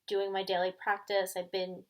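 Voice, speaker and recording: A woman's voice: medium pitch, completely flat delivery, moderate pace, a little hiss or hum, low-quality recording. Rambling New York woman chatting casually. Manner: rambling, hesitant, many ums and likes. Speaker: tarot channel host. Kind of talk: casual chat.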